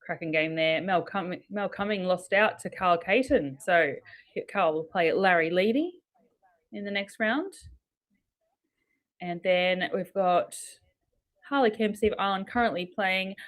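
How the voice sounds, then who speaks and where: An Australian woman co-commentating live darts, briskly running through results and laughing along with her partner. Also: lowish voice.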